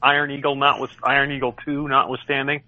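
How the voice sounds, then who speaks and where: A man's voice: medium pitch, flat delivery, quick pace, no echo, highs cut off. A man hosting a casual podcast, rambling and joking at his own expense. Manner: rambling, self-deprecating, jokey. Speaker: podcast host.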